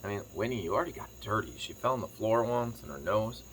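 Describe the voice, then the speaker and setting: A man chatting casually to camera as a farm vlogger, telling a rambling story quickly while sitting on his kitchen floor. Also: on the low side, expressive, fairly bright tone, a little hiss or hum. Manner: rambling, fast-talking storyteller.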